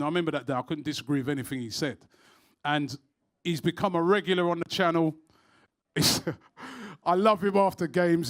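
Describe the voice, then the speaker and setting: A man hosting a live show, telling stories energetically and throwing in "right?". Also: on the high side. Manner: energetic, storytelling, rhetorical "right?". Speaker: host.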